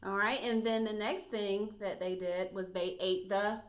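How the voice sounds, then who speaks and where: A woman teaching a first grade reading lesson to young children, speaking slowly and encouragingly and sounding out words clearly. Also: mid-range voice, level tone.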